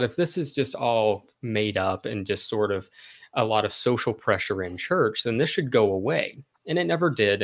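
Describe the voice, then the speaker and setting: A man in his twenties, a podcast guest, explaining himself in a friendly, earnest way at length. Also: mid-range voice. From American South. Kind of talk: casual interview chat.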